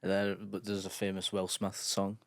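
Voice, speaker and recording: A man co-hosting a podcast, clearly spoken and teasing, laughing easily in casual chat. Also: deep voice, completely flat delivery, moderate pace, no room sound, studio quality. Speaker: podcast co-host.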